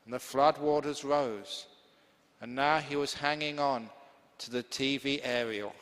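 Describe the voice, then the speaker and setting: A man's voice: mid-range voice, fairly even intonation, a little slow, a bit bright. A man, a Buddhist monk teacher, giving a humorous, chatty dharma talk full of stories. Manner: humorous, chatty, laughing easily. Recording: long hall reverb.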